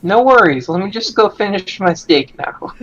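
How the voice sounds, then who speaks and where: A man playing in a tabletop game who speaks slowly and hesitantly. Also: high voice, animated, a bit bright, muffled recording, slight background noise. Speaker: player. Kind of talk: casual tabletop play.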